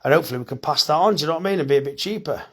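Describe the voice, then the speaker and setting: A middle-aged farmer and butcher hosts a live stream from his phone, talking bluntly and off the cuff at a racing pace while reading viewers' comments as they arrive. His voice is a little high for a man, and he swears easily but in a friendly way.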